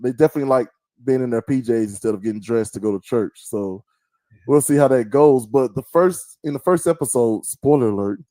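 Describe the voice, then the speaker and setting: A middle-aged man hosts a podcast in a casual, chatty way. He tells stories and slips into voices to mimic people. His voice sits at a middle pitch in a dry studio. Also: fairly quick, mellow, no room sound. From American South. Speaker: podcast host. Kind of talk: casual chat.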